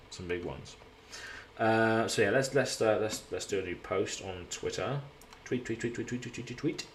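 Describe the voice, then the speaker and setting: A man's voice: lowish voice, a bit bright, slight background noise. Rambling man chatting to his stream. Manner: rambling, chatty, talks to viewers by name. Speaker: streamer reading live chat. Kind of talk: casual live-stream chat. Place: hotel room.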